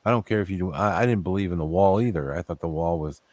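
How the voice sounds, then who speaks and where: A man's voice: low-pitched, quick pace, a little mellow, dry recording. A man hosting a casual talk show, rambling and opinionated, growing heated at times. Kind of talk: casual chat.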